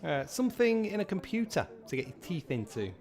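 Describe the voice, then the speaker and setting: A man in his thirties hosting a live pub quiz, chatty and sweary, repeating each question slowly. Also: high-pitched, big pitch swings, a little mellow.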